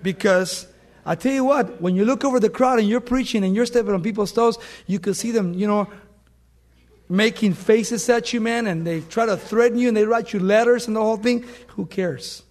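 A middle-aged man preaching a sermon, telling stories and swinging from loud emphatic bursts to soft hushed words. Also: sits high, moderate pace. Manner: storytelling with anecdotes, fillers and restarts.

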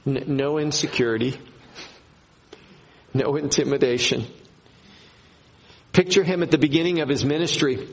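A man preaching a sermon to his congregation, slow and emphatic, repeating key phrases. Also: mid-range voice, vocal fry, slight background noise, low-quality recording. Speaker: pastor.

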